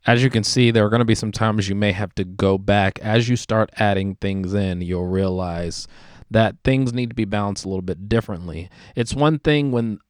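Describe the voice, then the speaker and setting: A man with a low, smooth voice walks through his work in a relaxed tutorial, filling his sentences with easy little hedges. He sounds close to the mic in a dry, deadened space. His tone is explanatory and unhurried. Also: no echo. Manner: relaxed, explanatory, many fillers like kinda. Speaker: music production teacher. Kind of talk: screen-recorded production tutorial.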